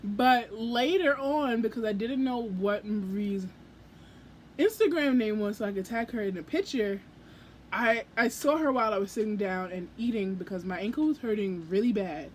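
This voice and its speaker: A young adult woman telling a story in a casual book vlog, gushing and excitable, acting out her own reactions as she goes. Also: mid-range voice, a little hiss or hum. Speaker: book vlogger.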